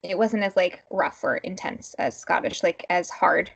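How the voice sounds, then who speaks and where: A woman co-hosting a podcast in casual chat, relaxed and agreeable, with lots of fillers as she talks. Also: on the low side, moderate pace, vocal fry, husky. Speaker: podcast co-host.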